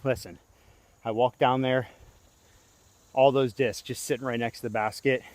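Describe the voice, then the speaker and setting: A young man filming himself outdoors, giving excitable play-by-play of his own throws as he talks to himself, pleading and groaning. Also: mid-range voice, normal speed, no echo. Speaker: disc golf vlogger. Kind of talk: self-filmed play-by-play commentary. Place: outdoor disc golf course.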